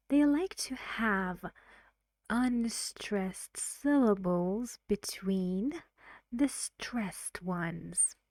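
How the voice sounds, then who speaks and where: A woman teaching English pronunciation in a recorded lesson, speaking carefully and often dropping to a soft whisper. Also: medium pitch, no echo.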